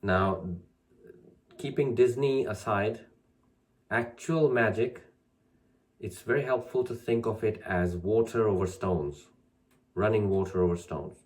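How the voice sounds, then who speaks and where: A man's voice: on the low side, a little slow, long pauses, a little mellow. A man hosting a spiritual talk, encouraging listeners and repeating affirmations with growing emphasis. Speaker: channel host teaching spiritual practice.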